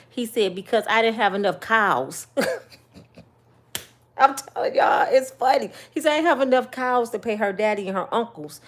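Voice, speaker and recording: A woman, telling stories in a casual monologue, swinging between loud bursts and hushed asides. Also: on the high side. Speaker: commentator.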